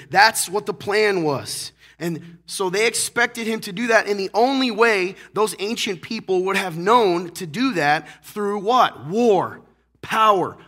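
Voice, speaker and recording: A hoarse, congested man preaching a casual sermon to a church congregation, teasing the crowd and asking rhetorical questions. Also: high-pitched, bright, forceful tone. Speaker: pastor. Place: church sanctuary.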